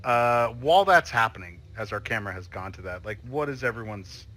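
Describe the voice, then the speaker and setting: Bright-voiced man narrating as game master. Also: lowish voice, animated, a little fast. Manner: casual, hesitant with fillers.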